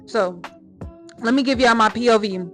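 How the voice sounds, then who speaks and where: A woman's voice: fairly high pitch, normal speed, a bit bright. Chatty woman telling a story over faint music. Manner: chatty, slangy, emphatic, addresses viewers as y'all. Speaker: vlogger telling a personal story. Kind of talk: casual storytime monologue.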